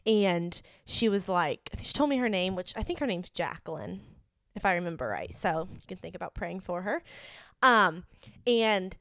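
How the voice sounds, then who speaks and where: A woman's voice: lowish voice, animated, normal speed, fairly bright tone, dry recording, studio quality. A young woman co-hosting a podcast, telling a personal story in casual chat, earnest and full of "like" fillers. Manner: chatty, many "like" fillers, earnest. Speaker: podcast co-host.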